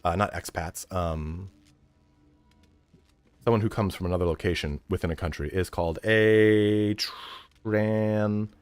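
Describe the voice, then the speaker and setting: A man's voice: low voice, fairly even intonation, measured pace, pauses often, smooth, dry recording. A man from California with an American accent ranting casually on a livestream, swearing and laughing a lot. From California, USA. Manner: profane, rambling, laughs often. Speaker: streamer.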